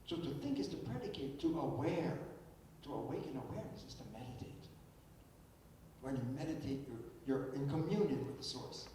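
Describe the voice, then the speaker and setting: A man's voice: animated, fairly quick, warm tone. An older man gives an emphatic philosophical keynote lecture, often repeating words as he restarts a thought. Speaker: keynote speaker. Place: lecture hall. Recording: echoey hall, distant mic, faint rumble.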